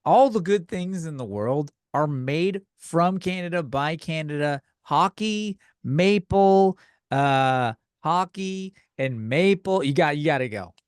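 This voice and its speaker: Joking Californian guy, slightly high voice. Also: animated, slow, smooth, dry recording, clean studio sound. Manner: profane, joking, rambling. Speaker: podcast host. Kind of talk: casual comedic chat.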